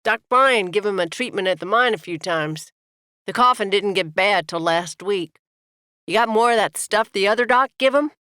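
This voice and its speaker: A woman's voice: mid-range voice, moderate pace, bright, forceful tone, clean tone, no echo, studio quality, close to an everyday voice. A woman voicing a burly, protective young male miner who speaks bluntly and barks his words. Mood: gruff. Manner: blunt, barking.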